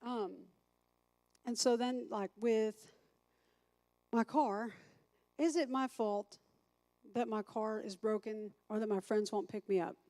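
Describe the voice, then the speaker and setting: A woman's voice: a little high, slow, long pauses, warm tone. A woman teaching a recovery class as a sponsor, chatty, thinking aloud and asking the group questions.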